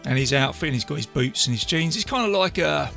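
Man, bright forceful voice, slightly high, faint music underneath, chatty podcast co-host. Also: lively intonation, fast talker, creaky. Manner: chatty, recounts scenes with quoted lines and laughs. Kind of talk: casual film discussion.

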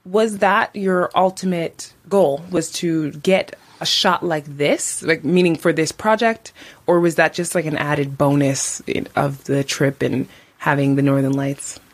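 A woman's voice: low-pitched, fairly even intonation, a little slow. A woman interviewing a guest, upbeat and chatty. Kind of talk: casual interview talk.

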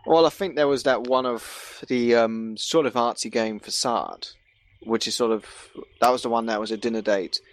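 A man's voice: mid-range voice, normal speed, no echo. A young man in a casual podcast chat, wry and a bit hesitant. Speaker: podcast co-host.

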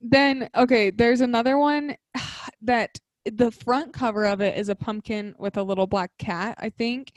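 A young woman co-hosting a podcast in casual chat, gushing and excitable about fond memories. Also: a little high, unhurried, no echo. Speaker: podcast co-host.

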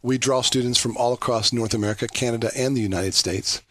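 A man's voice: mid-range voice, steady tone, fast talker, fairly bright tone, no echo. A man with an Oklahoma accent describing his school on a radio show, hesitant and plain-spoken. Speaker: discipleship school leader.

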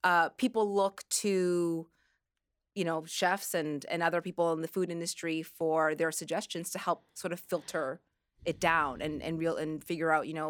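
A woman hosting a radio talk show, chatty and quick to laugh. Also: deep voice, dry recording, studio quality. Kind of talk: casual radio chat. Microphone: studio microphone.

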